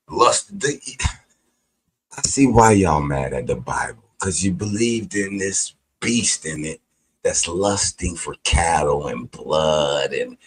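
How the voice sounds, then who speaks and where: A man delivering a heated, profane, preachy monologue, combative in tone and breaking into sudden shouted outbursts. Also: low voice, slightly rough, poor audio.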